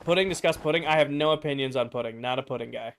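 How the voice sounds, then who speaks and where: A man's voice: mid-range voice, fast talker, very noisy. A man streaming a game, chatting casually, reading out and reacting to viewers' answers with playful opinions. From United States. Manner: reads viewer replies aloud, playful and opinionated. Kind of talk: casual livestream chat over gameplay.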